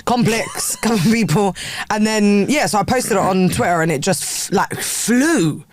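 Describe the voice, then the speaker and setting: A woman's voice: mid-range voice, slight background noise. A young woman from southern England, a podcast guest telling stories in a casual, laughing way. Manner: laughing, chatty storyteller with quick asides. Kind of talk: casual chat.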